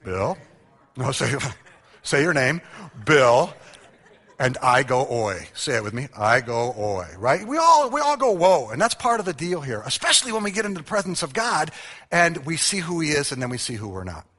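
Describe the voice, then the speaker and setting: A man's voice: on the high side, very animated, brisk, bright, forceful tone. A middle-aged man preaching a humorous sermon, telling family stories with acted-out quotes and self-mocking jokes. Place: large church hall. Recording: church hall with long reverb.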